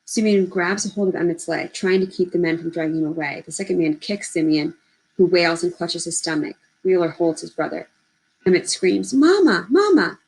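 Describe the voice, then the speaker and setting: A woman reading a novel aloud in a measured, steady storytelling voice. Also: lowish voice, rough recording. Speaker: audiobook reader.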